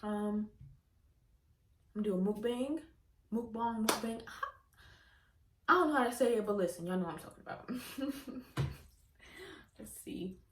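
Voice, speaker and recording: A woman's voice: mid-range voice, animated, normal speed, pauses often, slight background noise. A woman chatting expressively to her viewers while eating, in a casual mukbang vlog. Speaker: vlogger. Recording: echoey room.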